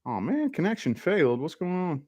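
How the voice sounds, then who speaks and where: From his home office, a laid-back live-stream host chats briskly with viewers, rambling in a friendly, unscripted way. His slightly mellow voice makes big pitch swings, and his drawl is full of "y'all" and "man."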